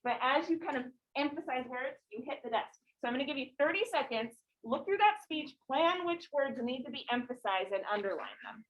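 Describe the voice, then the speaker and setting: A woman teaching a high school English class, explaining casually with lots of "like" and questions to the students. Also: animated, fairly quick, hardly any pauses, muffled recording. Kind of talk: classroom lecture.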